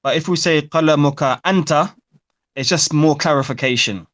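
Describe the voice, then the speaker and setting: A man's voice: a little high, a little fast, a bit bright. A man teaching a live online Arabic class, correcting students' pronunciation and explaining grammar.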